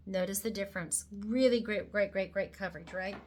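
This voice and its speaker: A woman's voice: medium pitch, fairly quick, darkish tone, slight background noise. Chatty woman giving a makeup tutorial. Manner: chatty, playful asides to the viewer. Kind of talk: casual how-to demonstration.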